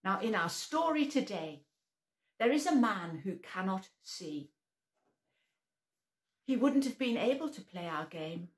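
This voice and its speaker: A woman's voice: mid-range voice, very animated, unhurried, long pauses. A woman leading a preschool church session, telling a story to young children and leading them in call-and-response. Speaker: preschool worship leader.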